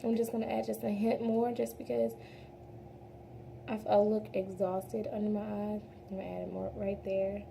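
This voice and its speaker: A woman's voice: mid-range voice, flat delivery, moderate pace, creaky, dark tone, a little hiss or hum. A woman doing a casual makeup tutorial at home, talking earnestly and rambling a little, calling her viewers "y'all". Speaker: beauty vlogger. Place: home, daylight from a window.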